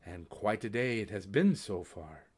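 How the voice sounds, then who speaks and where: A man voicing a weary, cranky old male custodian who talks in a calm, dry, mumbling way. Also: fairly low pitch, measured pace, slightly rough.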